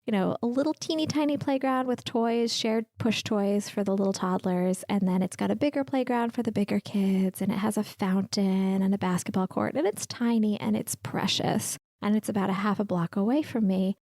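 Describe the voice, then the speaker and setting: A woman's voice: medium pitch, moderate pace, hardly any pauses, a little mellow, no room sound. A woman in her thirties hosting a podcast, sharing a personal reflection in a candid, heartfelt way. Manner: emotional, tearful at times, candid. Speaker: podcast host.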